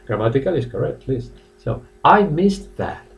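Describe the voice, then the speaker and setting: Lively teacher drilling phrases. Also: male voice, mid-range voice, gravelly, distant mic. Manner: lively, drawn-out model phrases, repeats them, greets chat viewers. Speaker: English teacher. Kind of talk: live online English class. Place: language academy classroom.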